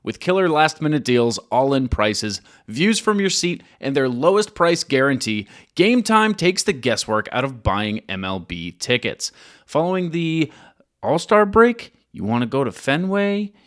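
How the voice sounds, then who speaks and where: A man's voice: big pitch swings, unhurried. A man co-hosting a podcast, delivering an upbeat ad read and teasing his co-host in casual chat. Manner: upbeat pitchman, playful teasing.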